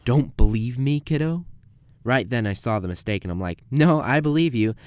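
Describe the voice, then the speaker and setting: A young man narrating a comedic story about his grocery job, jumping into quick put-on voices for the people in it. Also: animated, darkish tone, clear, resonant tone, no room sound. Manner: acts out quoted customers with jumps in pitch. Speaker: animated storyteller.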